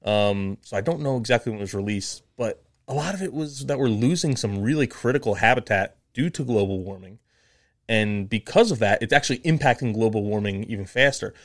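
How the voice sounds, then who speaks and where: A man's voice: on the low side, a little fast. A man co-hosting a podcast, chatting casually with fillers and laughs, then reading a book summary aloud. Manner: relaxed, rambling, laughs often, many fillers. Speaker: podcast co-host.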